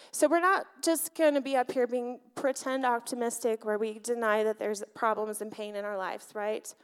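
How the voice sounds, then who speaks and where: A woman delivers an animated sermon from the front of a church, her voice sitting somewhat high. She keeps turning to the congregation with questions. The sound carries the long reverb of a church hall. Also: clear, resonant tone. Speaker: pastor. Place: church sanctuary.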